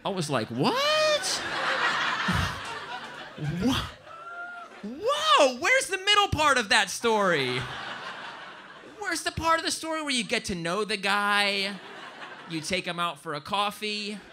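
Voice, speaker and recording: Brief: lively American male stand-up comic, sharp bright tone, big pitch swings. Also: moderate pace, a little hiss or hum. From United States. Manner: animated, bursts into loud shouted impressions. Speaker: stand-up comedian. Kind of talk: stand-up comedy. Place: stage before a live audience.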